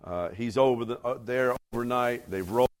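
A man's voice: mid-range voice, a little fast. Man preaching a sermon, emphatic. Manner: rising to emphatic near-shouts on key lines; addresses the congregation directly, conversational asides. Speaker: pastor.

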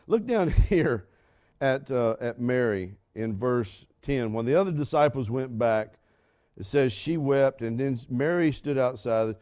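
An older man preaching a sermon, repeating lines for emphasis and swinging from shouts down to hushed whispers. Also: medium pitch, animated. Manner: dramatic shifts from shouting to hushed whispers, with laughs; preaching slowly with emphatic repetition. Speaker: pastor.

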